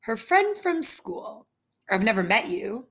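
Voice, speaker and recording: Woman voicing a wary dad grilling a kid on the phone, clipped, pitch jumping around. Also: very animated, takes it slowly, a bit bright, exaggerated voice. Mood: suspicious. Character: stern suspicious father questioning a boy.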